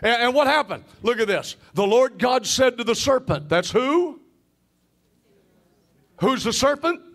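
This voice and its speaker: A man with a very high voice preaches a sermon. He calls out questions and waits for the congregation to answer. He often climbs into shouts and sing-song phrases. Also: animated, a little slow. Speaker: pastor.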